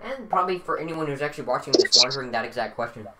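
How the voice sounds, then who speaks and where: A man on a casual podcast giving strong opinions, his voice swelling loud for emphasis. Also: medium pitch, lively intonation, rapid-fire. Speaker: podcast co-host. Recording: noisy home recording.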